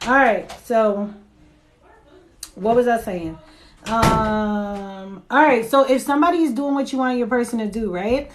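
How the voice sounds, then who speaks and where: Sex: woman. Role: tarot reader. Style: casual live-stream reading. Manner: chatty, loose, checks in with viewers. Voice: a touch high. Mic: phone at home. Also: measured pace, background noise. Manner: chatty, loose, tag questions and asides to viewers.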